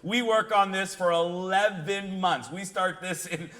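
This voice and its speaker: A man opening a dental convention with a comic speech to a live audience, loud and punchy, reeling off jokey lists and laughing often. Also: high voice, steady tone, unhurried. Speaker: conference host and keynote speaker. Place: large convention hall.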